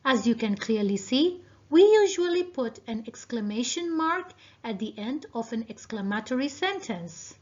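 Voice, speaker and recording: A woman teacher giving a recorded video lesson, speaking deliberately and addressing her students directly. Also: on the high side, very animated, darkish tone. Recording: dull lo-fi video audio.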